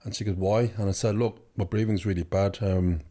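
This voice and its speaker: A man's voice: lowish voice, steady tone, brisk, mellow. A young man telling his story as an interview guest, rambling with many fillers and restarts. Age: young adult. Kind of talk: casual storytelling.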